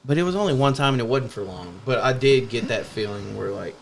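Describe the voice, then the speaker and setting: A man's voice: medium pitch, lively intonation, fairly quick, vocal fry, a little hiss or hum. A young man chatting casually as a podcast guest, laid-back and swearing freely. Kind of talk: casual chat.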